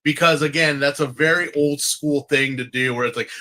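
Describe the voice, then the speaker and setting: A man co-hosts a podcast in casual, animated chat. His voice sits a bit high and bright, and he keeps dropping into campy little voices. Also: normal speed, few pauses, rough recording. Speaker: podcast co-host. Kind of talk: casual chat recapping a TV series.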